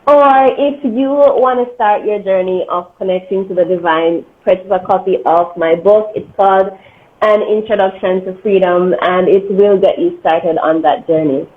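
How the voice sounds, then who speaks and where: A woman's voice: fairly low pitch, moderate pace. A woman hosting an interview, an encouraging listener who often answers with short affirmations. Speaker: host. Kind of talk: casual interview chat. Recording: tinny phone-like line with faint noise.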